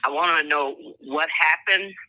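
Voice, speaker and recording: A woman from Indiana calling in to a show, speaking in a hesitant, halting way. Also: sits low, pushed and bright. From Indiana, USA. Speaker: caller. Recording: tinny phone line.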